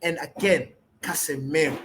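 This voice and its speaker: A man's voice: fairly high pitch, fairly even intonation, moderate pace, fairly bright tone, a little hiss or hum. A man co-hosting a football podcast, emphatic and blunt in casual chat. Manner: emphatic, blunt, says "bro". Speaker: podcast co-host.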